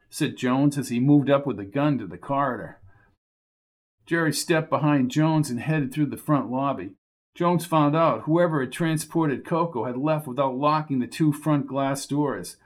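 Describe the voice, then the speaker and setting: A man narrating a crime novel as an audiobook, in a steady, measured storytelling manner. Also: medium pitch.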